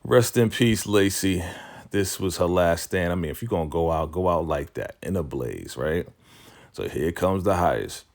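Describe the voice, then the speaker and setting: A chatty man with a low, deep voice recaps a TV drama episode in a loose, conversational way. He fills his talk with asides and chuckles. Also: lively intonation, moderate pace, darkish tone. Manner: chatty, laughs often, lots of fillers like "I mean" and "right?". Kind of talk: casual recap commentary.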